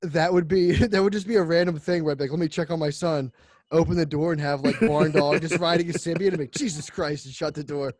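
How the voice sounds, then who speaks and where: A man co-hosting a casual comedy podcast, rambling and laughing as he pitches a bit, acting out the voices. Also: steady tone, quick pace, few pauses, a little mellow, dry recording, clean studio sound. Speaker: podcast co-host.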